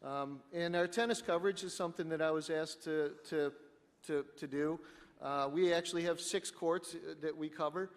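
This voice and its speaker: A man's voice: fairly high pitch, steady tone. Man on a panel explaining live production. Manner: halting, many fillers and restarts. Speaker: college sports production panelist. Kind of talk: panel discussion, technical explanation. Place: conference hall. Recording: echoey conference hall.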